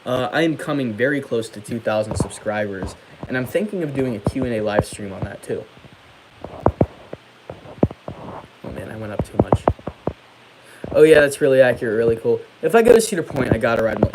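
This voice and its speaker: A man's voice: medium pitch, animated, moderate pace, background noise. A young man hosting a casual livestream, reading out viewer comments and answering them in a chatty way. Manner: chatty, reads comments aloud and answers them, many fillers. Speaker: livestream host.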